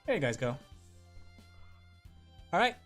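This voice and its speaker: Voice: mid-range voice, big pitch swings, slow, fairly bright tone. Chatty streamer rambling to chat. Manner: chatty, rambling, laughs often, talks to chat. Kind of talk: casual livestream chat while drawing. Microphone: streaming microphone with headphones. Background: faint music.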